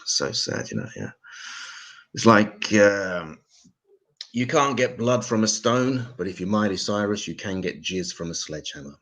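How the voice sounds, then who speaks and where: A man's voice: lowish voice, very animated, measured pace, a bit bright. A man delivering crude one-liner jokes and then bringing on the next act. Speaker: comic on an open mic. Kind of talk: stand-up set.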